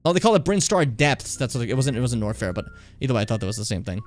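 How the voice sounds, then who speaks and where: A male game streamer talks off the cuff to his chat, rambling and swearing freely as he plays. His pitch jumps around a lot, rising and dropping as he talks. Faint game music plays behind him. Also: quick pace. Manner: animated, profane, rambling. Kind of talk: casual live-stream commentary.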